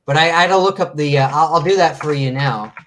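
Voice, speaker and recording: A man guesting on a livestream, chatting casually in a halting way. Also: fairly high pitch, a bit bright, a little hiss or hum. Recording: roomy, away from the mic.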